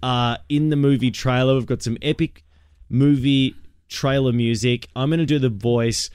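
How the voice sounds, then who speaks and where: Chatty Australian radio host, dry studio. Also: male voice, medium pitch, steady tone, moderate pace, a little mellow, clear, resonant tone, dry recording. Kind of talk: casual radio banter. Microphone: studio broadcast mic.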